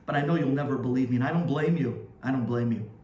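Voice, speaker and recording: A man voicing a humble, apologetic male synagogue attendant, soft and pleading. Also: mid-range voice, fast talker, echoey room, voice pushed down, lightly acted.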